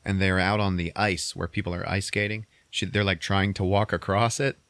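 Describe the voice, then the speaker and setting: A man's voice: moderate pace, no echo. A man hosting a podcast, animatedly retelling a movie plot with lots of swearing. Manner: animated storytelling, swearing, acting out characters in squeaky voices. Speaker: podcast host recapping a movie. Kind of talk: casual chat.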